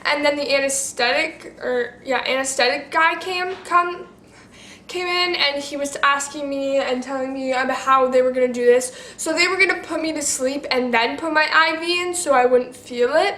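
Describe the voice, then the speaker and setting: A woman's voice: high voice, moderate pace, bright, forceful tone, roomy sound, a little hiss or hum. A teenage girl vlogger telling a personal story to camera in a rambling, casual way, full of "like" and restarts.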